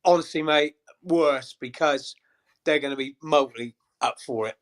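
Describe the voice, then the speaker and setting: A man's voice: a little high, a little slow. A man, a guest on a casual football fan chat, easygoing and prone to repeating himself. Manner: easygoing, repeats himself, calls people mate.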